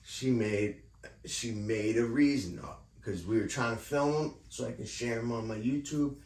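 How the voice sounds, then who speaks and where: A man's voice: mid-range voice, normal speed, a little mellow. A man vlogging a rambling, profane rant about his neighbor and his housing program. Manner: profane, heated, digressive. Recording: echoey room, distant mic, faint ambience.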